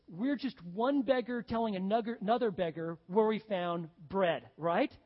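A pastor delivers a sermon in an easy, conversational way, slipping into stories and acting out jokes for the congregation. The recording is muffled and carries the long reverb of a large church sanctuary. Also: male voice, sits high. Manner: conversational, storytelling, acts out jokes. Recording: dull sound in a reverberant hall.

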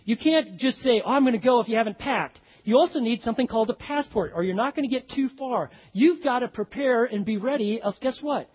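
A man preaching a sermon as pastor, animated and acting out the voices of the people in his story. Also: extremely high pitch, a little fast, few pauses, breathy edge. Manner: animated, acts out voices of characters. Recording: dull audio with long hall reverb.

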